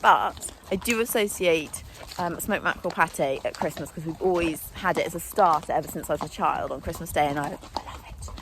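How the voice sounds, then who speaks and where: A young woman with a fairly low voice chats casually to camera about her day at the stables. She talks in a friendly, self-mocking way. The outdoor recording has clear noise behind her. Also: a little fast. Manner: chatty, warm-hearted, laughs at herself. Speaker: riding instructor and vlogger. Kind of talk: casual vlog chat to camera.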